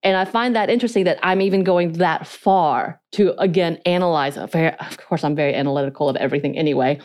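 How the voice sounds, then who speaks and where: Female podcast co-host, lowish voice, reflective and analytical, casual chat. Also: fast, darkish tone. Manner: reflective, analytical, self-questioning.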